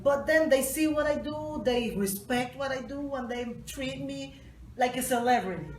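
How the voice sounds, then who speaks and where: A woman's voice: high voice, moderate pace, a little mellow. A woman from Latin America, a cheerful guest in a casual interview who laughs readily. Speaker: guest poet. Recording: echoey room, mic at a distance, faint noise.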